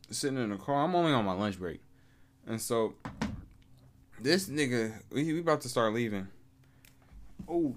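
A man's voice: mid-range voice, a little hiss or hum. A young man hosting a solo podcast, telling stories in laid-back, slang-heavy casual chat and laughing often. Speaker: podcast host.

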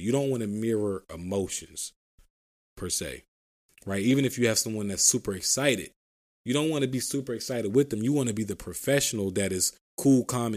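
A man's voice: on the low side, darkish tone. A man hosting a podcast, casually explaining sales calls, often asking "right?" and acting out sample phone lines. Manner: conversational, says "right?" often. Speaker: podcast host giving sales advice. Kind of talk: casual solo podcast talk.

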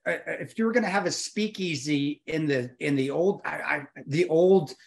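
A man's voice: a little high, normal speed, vocal fry. A man, a former ranger co-hosting a podcast, reminisces in a rambling, swearing casual chat. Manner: rambling, swearing, restarts, laughing. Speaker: podcast co-host, former ranger and agency officer.

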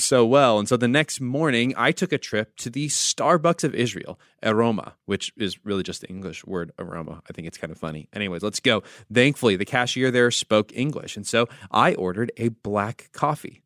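A man's voice: mid-range voice, lively intonation, brisk, hardly any pauses, a bit bright, dry recording, studio quality. A man hosting a devotional podcast, teaching with storytelling and wry asides. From United States. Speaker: podcast host.

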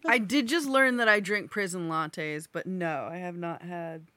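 Bright-voiced woman hosting a podcast. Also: fairly low pitch, a little slow. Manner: rambling, laughing, stumbling over names. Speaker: podcast host. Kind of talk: casual chat, show sign-off.

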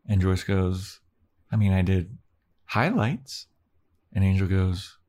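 Deep-voiced guy on a podcast retelling an episode, jumps into little character voices. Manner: relaxed storytelling, acting out characters in quick impressions. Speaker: podcast co-host. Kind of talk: casual chat, recapping an episode.

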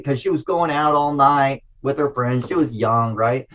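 A middle-aged man telling a personal story in a casual, rambling and excitable way, with many restarts and apologies. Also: medium pitch, moderate pace, few pauses, lo-fi sound. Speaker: storyteller sharing a personal spiritual experience.

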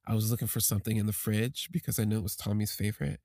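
A man telling a personal story on a podcast, halting and emotional, with many restarts. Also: lowish voice, fairly even intonation, warm tone, no echo, clean studio sound.

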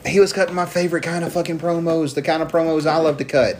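A man co-hosting a casual podcast, rambling and swearing freely as he pitches ideas. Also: fairly even intonation, darkish tone, slight background noise. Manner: profane, rambling, acts out promos in quick voices. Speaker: podcast co-host.

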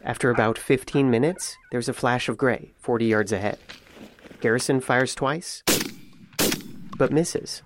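A man reading a scripted radio news report in a measured, even storytelling way. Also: medium pitch, very noisy. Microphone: close studio mic.

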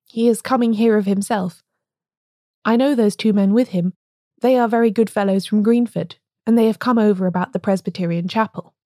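A woman reading the lines of a small, mild male priest who speaks quietly in a plain, colourless voice. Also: medium pitch, brisk, no echo, studio quality, natural voice.

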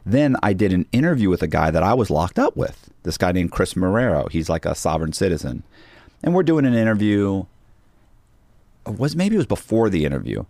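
A man's voice: deep voice, very animated, brisk, mellow, no room sound. A middle-aged man, a podcast guest, telling a story casually with restarts and acted-out quotes of other people. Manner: rambling, restarts, acts out quoted dialogue.

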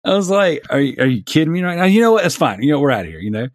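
A man's voice: fairly high pitch, big pitch swings, very fast, no echo, clean studio sound. A man in his thirties telling a long, exasperated story in a casual podcast chat. He rambles and restarts his sentences often. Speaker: podcast panelist.

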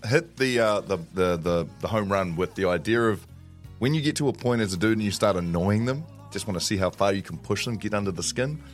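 A man's voice: lowish voice, expressive, brisk, soft background music. A New man co-hosting a morning radio show, telling stories and laughing through them. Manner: storytelling, laughs through his words. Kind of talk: casual morning radio banter.

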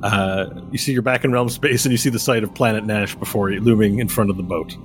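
A man's voice: on the low side, soft background music. A man narrating as game master of a tabletop game, loose and laughing. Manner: loose, laughing, puts on quick voices.

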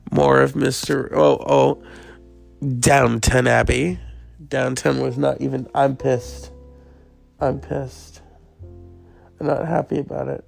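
A man's voice: medium pitch, gravelly. A man hosting his own podcast, talking casually in a rambling, jokey, self-mocking way. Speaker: podcast host. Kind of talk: casual solo podcast monologue.

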